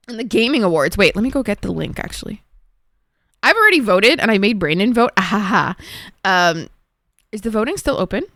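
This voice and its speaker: A woman's voice: a little high, fairly bright tone, no room sound, clean studio sound. A young woman streamer chatting casually with her viewers, emotional and swearing freely. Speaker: live streamer.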